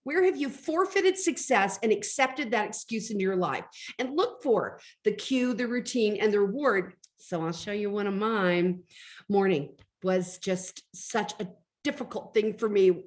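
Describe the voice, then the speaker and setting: Woman, middle-aged, life coach, motivational talk, chatty storyteller, talks to the audience, middle pitch.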